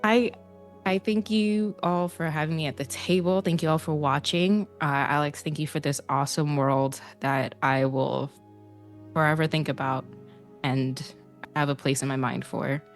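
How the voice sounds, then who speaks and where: A woman player giving a hesitant, halting farewell, close to tears, with many pauses and ums. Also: sits low, steady tone, soft background music. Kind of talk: emotional outro chat.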